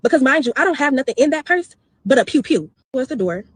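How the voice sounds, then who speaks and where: A young woman rattles through her story at a breakneck pace, indignant and wound up. Her voice is slightly husky and a touch high, and the recording is dry and close. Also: lively intonation, no echo. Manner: fast, indignant retelling. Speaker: customer telling her story. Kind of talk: storytime video.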